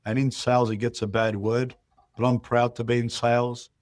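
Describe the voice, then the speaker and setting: With a medium-pitched voice at normal speed, a male real estate CEO shares stories during an interview as a guest. He's lively and acts out the dialogue, and the recording has no echo.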